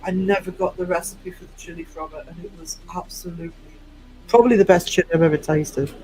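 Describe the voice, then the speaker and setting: A man's voice: sits high, steady tone, quick pace, mellow, rough recording. A man with a Northeast English accent, hosting a casual livestream and chatting to viewers in a rambling, teasing way. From England. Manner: chatty and rambling, teasing the chat with frequent fillers. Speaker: livestream host. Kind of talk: casual livestream chat answering viewer comments.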